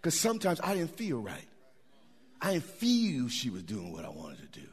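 Lively, animated preacher man. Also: medium pitch, normal speed, breathy edge. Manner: animated preaching with repetitions and asides to the congregation. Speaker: pastor. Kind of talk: sermon.

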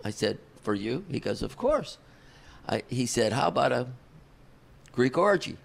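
A man, a concert promoter guest on a podcast, telling an animated story and acting out the dialogue. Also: mid-range voice, normal speed, vocal fry. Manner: animated, chuckles through the story, acts out dialogue.

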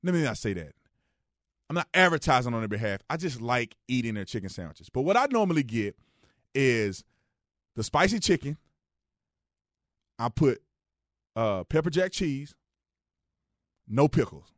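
A man hosting a radio talk show, giving casual joking opinion commentary, jumping between loud outbursts and low, quiet asides. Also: very animated, normal speed, long pauses, dry recording, studio quality.

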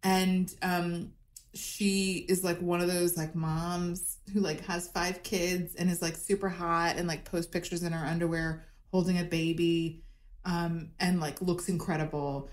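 A woman with a fairly low voice tells a story in an animated, chatty way, packed with fillers. She is on a video call for a comedy podcast. Her voice rings off the walls of an echoey room. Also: measured pace. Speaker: podcast guest. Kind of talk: casual comedic chat over video call.

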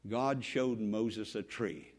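A man, probably older, preaching a sermon with dramatic repetition and sudden swings between loud and soft. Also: lowish voice, takes it slowly. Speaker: pastor.

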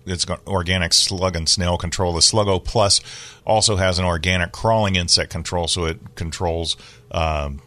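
A man hosting a call-in garden radio show, giving relaxed, practical advice to callers. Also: low-pitched, moderate pace. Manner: relaxed, informative, takes calls.

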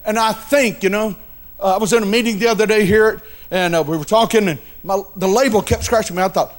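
A man's voice: high voice, steady tone, brisk. A male pastor preaching a sermon, telling a story dramatically and addressing the congregation directly.

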